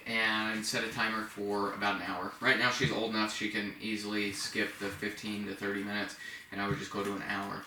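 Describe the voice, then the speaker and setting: A man working as a dog trainer, explaining house-training in a relaxed, casual way and praising the dog in a high voice now and then. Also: slight background noise. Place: indoors at a home. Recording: echoey room, distant from the mic.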